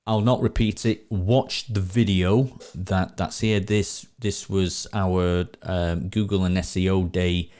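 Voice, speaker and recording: Brief: man, low voice, easygoing host who stumbles and restarts often. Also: steady tone, slow pace, few pauses, a little mellow. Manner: chatty, repeats words, frequent restarts. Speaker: podcast host. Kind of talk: casual live-stream chat. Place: at home.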